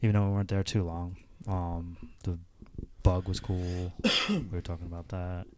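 A man co-hosting a podcast from home, chatting in a relaxed, agreeable way with short replies. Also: sits low, normal speed, noisy background. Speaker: podcast co-host. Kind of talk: casual chat.

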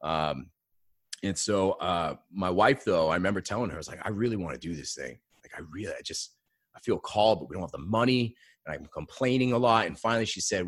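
A man telling a personal story in a casual interview, earnest and animated, often adding "man.". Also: low-pitched, fairly quick, slightly rough, no echo, studio quality. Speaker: guest.

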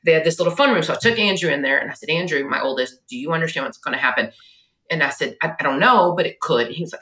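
A woman in her forties telling a painful family story on a podcast, animated and at times tearful. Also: sits low, rapid-fire. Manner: animated, tearful retelling, quotes others in her own voice. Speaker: podcast guest. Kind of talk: emotional personal storytelling. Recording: echoey room.

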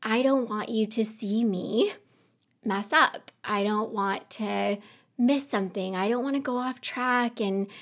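Her voice fairly high and a little slow, a woman hosting a podcast speaks off the cuff from her home office about personal matters. She's near tears and clearly emotional, reflecting earnestly on herself and drifting a bit as she talks.

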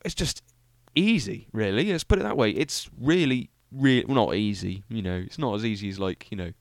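A man's voice: fairly low pitch, animated, fairly quick, no echo, clean studio sound. A young British man hosting a solo car-review podcast, talking in a rambling, enthusiastic, self-mocking way with lots of fillers. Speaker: podcast host.

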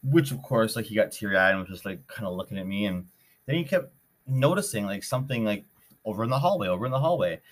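Rambling man, lowish voice, podcast story. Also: lively intonation, fast. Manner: rambling, with frequent "like" and restarts. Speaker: podcast host. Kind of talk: casual storytelling.

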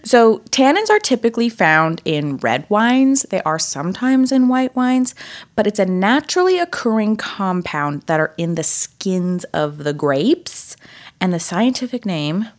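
A woman's voice: mid-range voice, a little slow. A young woman co-hosting a podcast, explaining things casually with lots of fillers. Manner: lively, explains with many fillers. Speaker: podcast co-host. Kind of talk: casual chat.

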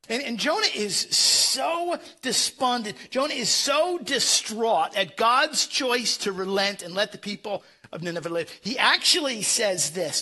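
A man's voice: high voice, expressive, measured pace, sharp tone, breathy edge. A man preaching a sermon, emphatic and repeating words as he presses his points. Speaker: pastor.

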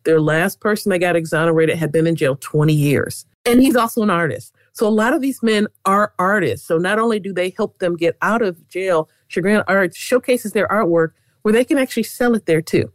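A middle-aged woman talking as a guest about quilting, animated and keen on saying "literally.". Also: fairly low pitch, a little fast, hardly any pauses, no room sound. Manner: animated, leans on "literally" often. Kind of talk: casual interview chat.

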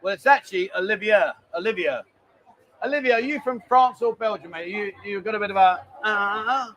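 A man's voice: sits high, expressive, a little fast, a bit bright. A man hosting a live stream from a busy bar, chatting and joking as he reads out viewer messages. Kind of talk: casual live stream chat.

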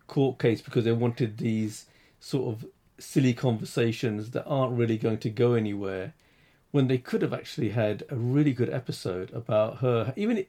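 A man co-hosting a talk show, giving halting, critical opinions with many restarts. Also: mid-range voice, warm tone. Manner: halting, restarts, rising when frustrated. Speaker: podcast co-host. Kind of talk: casual critical discussion.

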